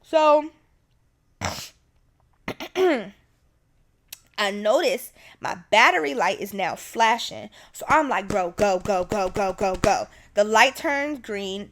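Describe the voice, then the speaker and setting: A young woman in her twenties telling a story as a podcast host, animated and profane with many fillers. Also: mid-range voice, slow, long pauses. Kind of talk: casual storytelling.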